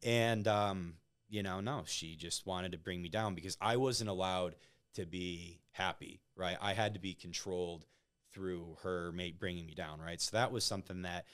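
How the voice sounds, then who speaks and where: A man's voice: deep voice, steady tone, moderate pace, fairly bright tone, clear, resonant tone. A man, a podcast guest, telling personal stories in a casual conversational way, often tagging "like" and "right?" onto his sentences. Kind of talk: casual interview storytelling.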